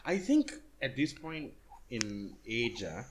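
Teasing Malaysian man, animated banter. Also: mid-range voice, slow, a little hiss or hum. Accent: Malaysian English. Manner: teasing, rambling with many fillers. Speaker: podcast co-host. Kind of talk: casual banter.

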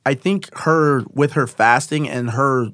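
A man's voice: medium pitch, unhurried, a bit bright, no room sound, studio quality. A man chatting casually, rambling with many fillers and restarts. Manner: rambling, lots of fillers and laughs. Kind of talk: casual podcast chat.

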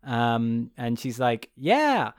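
Rambling, swearing podcast co-host, dry sound. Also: male voice, mid-range voice, fairly even intonation, normal speed, dry recording. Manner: rambling, full of fillers, swears and laughs; choked up at moments. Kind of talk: casual chat retelling a film.

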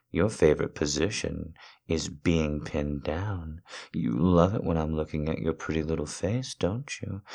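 A man's voice: rumbling low, creaky. A man performing a domineering erotic audio role-play monologue, taunting and commanding the listener.

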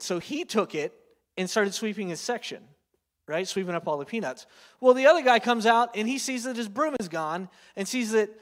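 A man's voice: sits high, a bit bright. A man in his thirties preaching a sermon in a chatty storytelling way, full of fillers and "right?" tag questions. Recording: long hall reverb.

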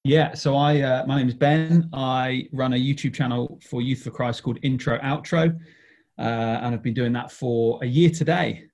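A man's voice: mid-range voice, normal speed, a little mellow. A man who runs a youth YouTube channel, chatting in a good-humoured, easygoing way as a podcast guest. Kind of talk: casual podcast chat.

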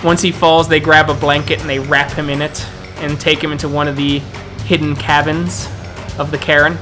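A man narrating a tabletop game as game master, slow and drawn out, with restarts. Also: a little high, level tone, over music.

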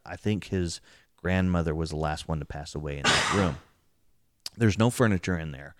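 A man casually telling an excited story about a paranormal investigation, acting out what was said. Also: clean tone. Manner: excitable, acts out quotes, rising pitch when telling.

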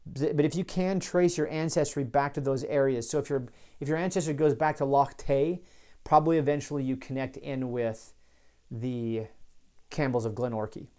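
A man hosts a laid-back solo history podcast, his voice mellow and warm. He tells old stories casually, drifting into asides and stopping mid-sentence to correct himself. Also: mid-range voice, steady tone, normal speed. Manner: chatty, digressive, restarts and corrects himself. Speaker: podcast host.

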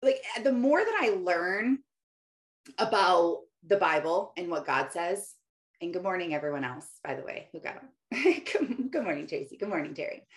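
A woman's voice: fairly low pitch, very animated, moderate pace. A young adult woman hosting a live faith-based morning podcast, chatting eagerly with lots of filler words. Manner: enthusiastic, chatty, full of "like" fillers. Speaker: podcast host.

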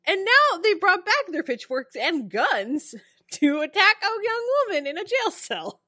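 A woman co-hosting a podcast in casual chat, wry and quick to laugh. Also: extremely high pitch, big pitch swings, bright, forceful tone, no room sound, clean studio sound. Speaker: podcast co-host.

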